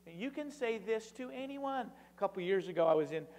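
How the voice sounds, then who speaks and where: A male preacher telling personal stories in a sermon, slowing down and repeating lines for emphasis, with big shifts in loudness. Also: high voice, expressive, big-room sound, a little hiss or hum. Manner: dramatic swings in volume, slow emphatic repetition. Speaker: guest preacher. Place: church sanctuary.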